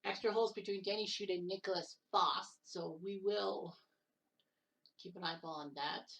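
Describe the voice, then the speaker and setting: A woman's voice: mid-range voice, steady tone, moderate pace, creaky, a bit bright, distant mic, lo-fi sound. A woman giving casual solo commentary on golf results, with joking asides, name corrections and the odd curse word. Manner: joking asides, correcting mixed-up names, occasional swearing. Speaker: commentator of a simulated golf match-play event.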